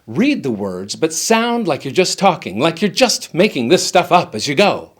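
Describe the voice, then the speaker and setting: A man in middle age teaching acting, reading his tip off a teleprompter with a fairly high voice that swings widely up and down. His delivery is playful and emphatic, pressing on key words. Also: sing-song, moderate pace, husky. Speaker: acting coach.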